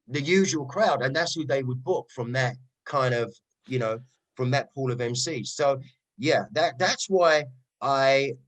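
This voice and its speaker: A middle-aged man with a Cockney accent, a rave MC guest telling stories in a casual interview, animated and often checking in with "right?". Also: mid-range voice, unhurried, poor audio. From East London. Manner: animated storyteller, frequent "right?" asides.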